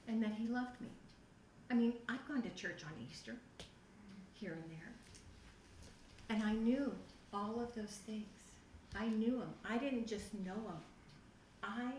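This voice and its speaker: Woman, middle-aged, personal testimony, animated storytelling, echoey hall, distant mic, faint noise. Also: on the high side. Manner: animated storytelling, acts out her own past reactions. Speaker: testimony speaker at a youth group. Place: church youth room.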